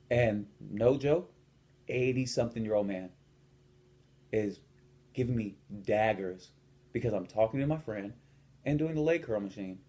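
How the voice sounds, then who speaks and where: Young male coach, brash and profane, telling gym stories in a relaxed vlog. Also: medium pitch. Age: young adult. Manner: blunt, profane, swaggering. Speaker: fitness and lifestyle coach. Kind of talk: casual vlog rant with storytelling.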